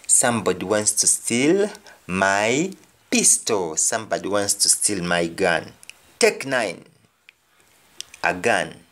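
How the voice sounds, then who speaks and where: A man's voice: lowish voice, lively intonation, takes it slowly. A man with a Jamaican accent gives a language lesson, saying each example phrase twice and then translating it. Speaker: language teacher. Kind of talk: explanatory lesson.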